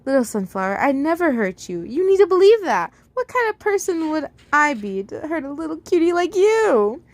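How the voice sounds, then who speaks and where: A bubbly male robot who looks after children, fussing over them in a sing-song, doting voice, as a woman reads him aloud. The voice sits fairly high and bounces with playful lilts. It is an amateur fan-fiction reading. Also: sing-song, normal speed, no echo. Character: cheerful male sun-faced daycare robot caretaker.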